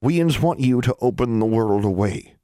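A man's voice: mid-range voice, expressive, moderate pace, warm tone, no echo, voice pushed up, close to an everyday voice. A man voicing a kindly elderly Ozark granny witch with a folksy drawl.

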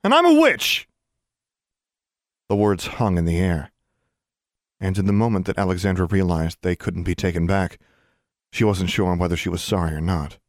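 A man narrating a novel as an audiobook in a measured storytelling manner, giving the characters their own voices. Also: deep voice, little pitch movement, darkish tone, no room sound, studio quality.

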